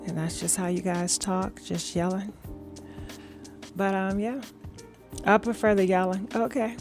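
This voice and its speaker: A woman hosting a gossip live stream in a calm, soft-spoken way, chatting casually and reading viewer comments with many "all right"s and "mm-hmm"s. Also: mid-range voice. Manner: calm, soft-spoken talk instead of her usual yelling. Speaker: gossip show host.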